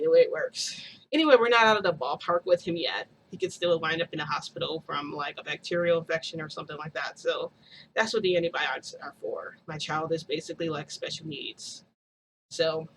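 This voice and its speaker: A woman's voice: lowish voice, a bit bright, a little hiss or hum, low-quality recording. A woman telling a long personal story in casual vlog style, rambling with lots of fillers and frequent laughs. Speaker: vlogger.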